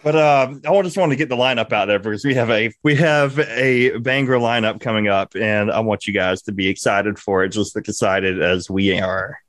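A young man from Georgia, USA, co-hosts a podcast and tells a crude story full of laughter in casual banter. His voice is on the low side and fairly bright, moving at normal speed with few pauses on a dry recording.

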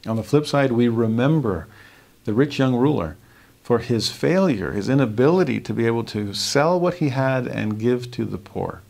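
A man teaching a scripture lesson, earnest, reading verses slowly and softly. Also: mid-range voice, expressive, vocal fry.

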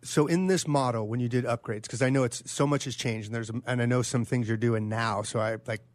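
A man's voice: mid-range voice, fairly even intonation, fairly quick, dry recording. A man co-hosting a podcast, asking long, hesitant questions with many restarts. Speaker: co-host. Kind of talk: casual interview chat.

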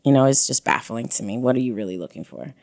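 A woman frankly telling a personal story in casual conversation, animated and full of slang. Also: a bass voice, fast.

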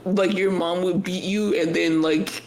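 A man co-hosting a podcast, telling stories in an animated, chatty way with quick asides. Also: high voice, slight background noise, rough recording. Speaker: podcast co-host. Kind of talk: casual chat.

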